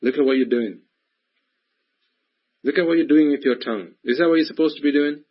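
Man doing a scolding inner conscience, low and hushed, husky, reproachful and repetitive. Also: brisk. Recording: dull lo-fi recording.

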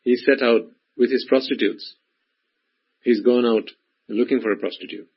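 A man's voice: mid-range voice, fairly even intonation, moderate pace, husky. A man giving a sermon in an emphatic style, repeating phrases and speaking directly to the listeners. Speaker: preacher. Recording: dull lo-fi recording.

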